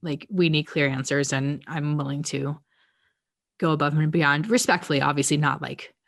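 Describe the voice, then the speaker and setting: A woman co-hosting a podcast, chatting casually and telling stories with lively acted-out quotes. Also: deep voice, normal speed, gravelly. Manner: animated storytelling with laughs, acts out quotes. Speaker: podcast co-host. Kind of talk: casual chat.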